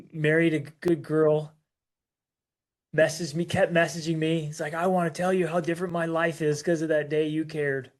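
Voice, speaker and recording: A man's voice: a little high, darkish tone. Emotional man telling a parenting story. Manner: halting, with many restarts and repeated words. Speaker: parenting show co-host.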